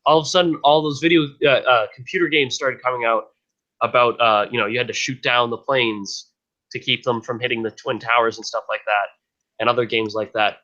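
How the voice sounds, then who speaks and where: A man's voice: medium pitch, bright, forceful tone, muffled recording. A man co-hosting a casual podcast, rambling with many restarts and fillers. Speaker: podcast co-host.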